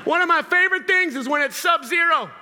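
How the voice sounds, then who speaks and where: Minnesota guy preaching comedy to a crowd, really high bright voice, all pumped up, big hall echo. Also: brisk, a little hiss or hum. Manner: energetic, hyped-up, calls out to the crowd. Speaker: traveling preacher. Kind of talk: comedic stage talk to a live crowd. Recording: long hall reverb.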